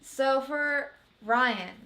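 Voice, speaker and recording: A woman chats on a casual podcast, rattling off list items with a giggle never far away. Her voice sits somewhat high. The recording carries a roomy echo. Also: extremely slow, bright, forceful tone. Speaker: podcast co-host. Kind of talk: casual chat, reading a list.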